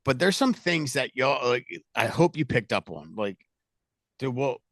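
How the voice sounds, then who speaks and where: A middle-aged man leading a sales team, talking loudly and animatedly in a casual coaching chat. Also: medium pitch, measured pace, no echo. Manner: loud, animated, talks with his hands.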